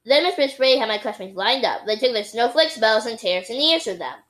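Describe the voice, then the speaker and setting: A woman's voice: a little high, expressive, a little fast, a bit bright, rough recording. A woman reading a children's book aloud expressively, with playful sound effects and occasional slips. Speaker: reader.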